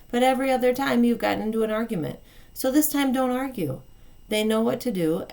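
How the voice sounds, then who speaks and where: A woman coaching parents, speaking calmly and kindly and acting out what a parent and a child might say. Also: fairly low pitch. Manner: calm, kind, plain-spoken, acts out parent and child phrases. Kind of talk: advice talk to camera.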